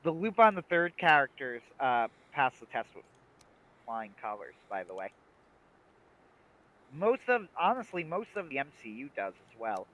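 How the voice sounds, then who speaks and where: A man's voice: medium pitch, sing-song, moderate pace, bright, forceful tone, poor audio. A man co-hosting a livestream, chatting casually and making emphatic, opinionated points. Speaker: livestream co-host. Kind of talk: casual chat.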